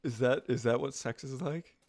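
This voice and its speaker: A man's voice: mid-range voice, normal speed, a little mellow, no room sound, studio quality. A young man co-hosting a podcast, telling a story in rambling casual chat and laughing as he goes. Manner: rambling, laughs through his story, many restarts. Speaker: podcast co-host.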